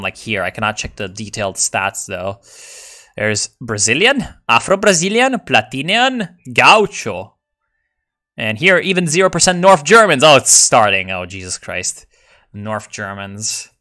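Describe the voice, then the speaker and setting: A man giving live gameplay commentary in a bright, sharp-edged voice. He answers chat, mutters to himself, then bursts out loud and cursing before settling back into quick remarks. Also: medium pitch. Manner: excitable, profane, jumps between mumbling and shouting. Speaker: game streamer.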